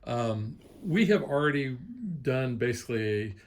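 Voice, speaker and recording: A middle-aged man in a casual board game review chat, explaining rules in a relaxed way with plenty of ums and uhs. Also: mid-range voice, a little slow. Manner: relaxed, explanatory, filler-heavy.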